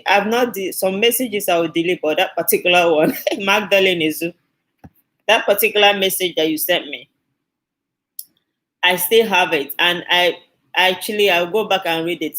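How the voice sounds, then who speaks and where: A woman's voice: on the low side, a bit bright, poor audio. Effusive woman hosting a live stream. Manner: effusive, repeats phrases, thanks viewers by name. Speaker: skincare channel host. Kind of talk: live-stream chat with viewers.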